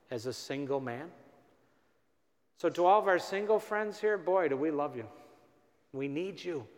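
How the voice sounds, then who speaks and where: A man, a priest, giving a storytelling sermon at a parish mission and acting out the dialogue with rising emphasis. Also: medium pitch. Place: large church. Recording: long reverb of a church.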